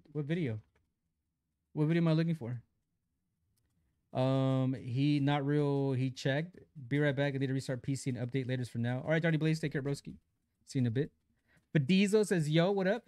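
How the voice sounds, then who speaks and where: A man's voice: a little high, moderate pace, long pauses, mellow, dry recording, clean studio sound. A young man live-streaming a mobile shooter, chatting casually in slang while greeting viewers and reading chat aloud.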